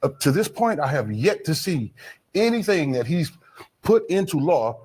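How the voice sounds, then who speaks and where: Husky, lively man making an emphatic point. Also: fairly high pitch, moderate pace. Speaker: panel guest. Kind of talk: panel discussion answer.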